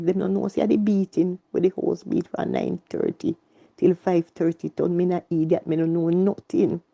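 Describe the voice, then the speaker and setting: Jamaican lady telling her story, gravelly, flat voice, muffled lo-fi stream. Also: lowish voice. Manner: earnest, repetitive, speaks in Jamaican Patois. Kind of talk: emotional personal testimony.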